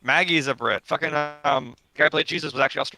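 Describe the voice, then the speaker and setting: A man co-hosting a film chat podcast, swearing constantly and rambling excitedly about movies. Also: a little high, quick pace. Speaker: podcast co-host. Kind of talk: casual chat.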